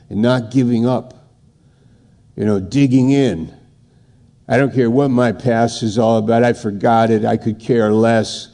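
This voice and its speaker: A man's voice: mid-range voice, warm tone. A man preaching a conversational sermon, with sudden emphatic bursts and frequent restarts. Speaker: pastor.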